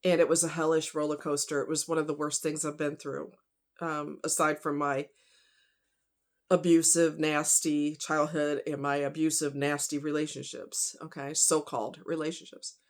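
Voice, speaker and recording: A woman's voice: low-pitched, flat delivery, moderate pace. A woman telling a painful personal story off the cuff, emotional and rambling, with many fillers.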